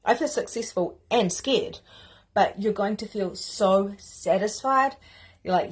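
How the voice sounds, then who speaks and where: A woman spiritual mentor hosting a course, giving an energetic, emphatic motivational teaching talk in a casual manner with repetition. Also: medium pitch, a little slow, husky.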